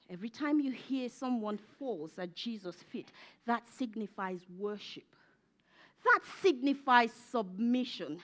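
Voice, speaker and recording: Female preacher, high and animated, emphatic and repetitive sermon delivery. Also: measured pace. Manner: emphatic, repetitive, rising to fervent peaks. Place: church.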